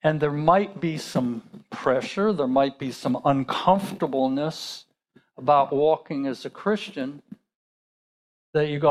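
High-voiced man preaching conversationally. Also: measured pace. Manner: conversational preaching with rhetorical questions. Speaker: pastor. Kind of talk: sermon.

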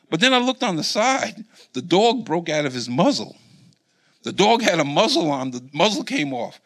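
A male Bible teacher delivers a sermon and keeps pausing for his listeners to finish his phrases. His voice sits high and swoops widely in pitch, with a bright, forceful edge. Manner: animated, quizzes the congregation. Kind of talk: sermon with call-and-response.

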